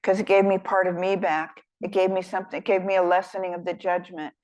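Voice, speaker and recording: An older woman, appearing as a guest author in an onstage conversation, talks fast in a low voice with little pitch movement, and the recording is rough. Her storytelling wanders warmly and rambles, full of self-deprecating humor, and she frequently breaks off mid-sentence to begin a thought again.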